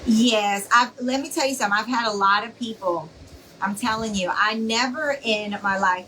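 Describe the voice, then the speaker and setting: A woman's voice: mid-range voice, moderate pace, sharp tone, distant mic, slight background noise, rough recording. A woman hosting a casual craft live stream, chatty and reassuring, rambling with plenty of fillers as she talks to viewers.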